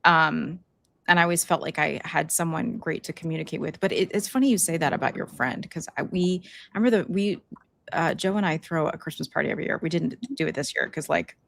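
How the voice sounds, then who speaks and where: A woman's voice: low-pitched, quick pace, gravelly, no echo. A middle-aged woman co-hosting a podcast, chatting casually with many likes and you-knows. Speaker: podcast co-host. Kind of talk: casual chat.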